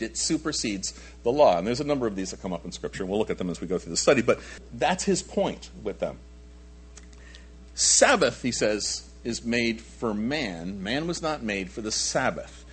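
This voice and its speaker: A man preaching a conversational Bible lesson, animated, asking his listeners rhetorical questions. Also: fairly low pitch, breathy edge. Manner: animated, asks rhetorical questions, frequent restarts. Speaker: pastor teaching a Bible study. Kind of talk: conversational sermon.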